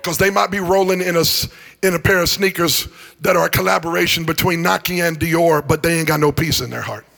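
A man's voice: fairly high pitch, fairly even intonation, fairly quick, vocal fry, pushed and bright. A middle-aged man preaching a sermon in a church, swinging into sing-song rises and joking with the congregation. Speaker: pastor. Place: church sanctuary.

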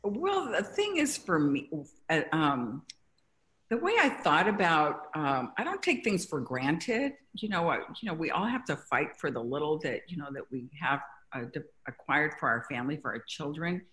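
A middle-aged woman from Mexico, a guest in an interview, telling stories with halting restarts. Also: low voice, very animated. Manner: warm storytelling, grows emotional, halting restarts. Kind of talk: conversational interview.

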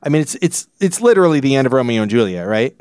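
A man's voice: medium pitch, very animated, fast, a little mellow, clear, resonant tone, no room sound, studio quality. A man hosting a casual film review podcast, rambling with many restarts. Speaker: podcast host.

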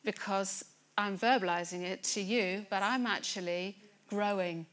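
A woman preaching a sermon to a church congregation, earnest and building to excited emphasis. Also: mid-range voice, measured pace. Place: church gathering room.

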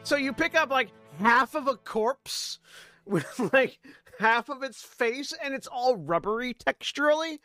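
A man's voice: extremely high pitch, animated, unhurried, pushed and bright, dry recording, soft background music. A man running a tabletop game as game master, describing scenes and giving rulings in a laid-back, plain-spoken way.

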